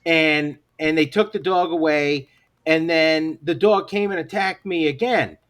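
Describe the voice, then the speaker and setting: A man co-hosting a comedy podcast, telling stories in casual chat, swearing a lot and getting loud at the punchlines. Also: a little high, measured pace, a little hiss or hum. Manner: animated storyteller, swears a lot, shouts at punchlines. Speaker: podcast co-host.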